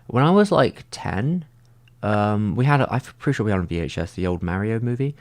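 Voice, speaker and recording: A man with a deep, low-pitched voice chats casually on a livestream, working through viewer questions. He rambles, leans on "like" constantly, and restarts his sentences as he thinks aloud. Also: animated, a little fast. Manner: rambling, heavy use of "like". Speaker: streamer answering viewer comments.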